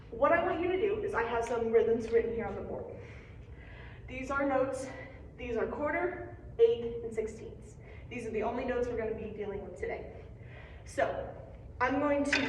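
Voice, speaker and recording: In a hands-on music lesson, a young adult percussion teacher walks through strokes step by step, patient and encouraging, in a slightly high voice. The room echoes, the mic is distant, and there's slight background noise.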